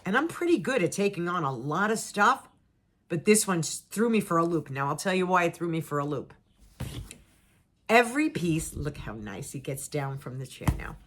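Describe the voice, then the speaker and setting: A woman's voice: fairly low pitch, normal speed. A middle-aged woman telling a personal story to her viewers in a casual, dramatic way, acting out what people said and repeating words for emphasis. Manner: animated, dramatic, acts out her own and others' lines.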